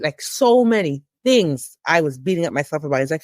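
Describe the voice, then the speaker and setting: A woman in her thirties giving a candid personal testimony as an interview guest, with emotional, preacher-like rises in pitch. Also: big pitch swings, a little fast, hardly any pauses, darkish tone, no echo, studio quality.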